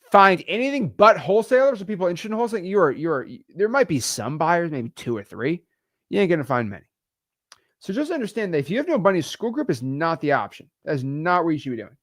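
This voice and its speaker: A man's voice: fairly high pitch, dry recording, clean studio sound. A man from Florida, teaching a wholesaling course in a casual joking way and peppering his talk with "okay" and "all right". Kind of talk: casual joking lesson to camera.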